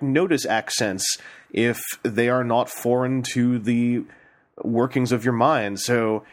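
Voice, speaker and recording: A man hosting a casual podcast, jokey and playful as he reads listener questions aloud. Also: mid-range voice. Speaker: podcast host.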